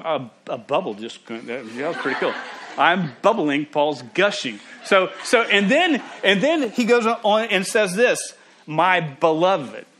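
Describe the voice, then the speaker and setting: A young man preaching a sermon to a student ministry, animated and joking, often restarting his words. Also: fairly high pitch.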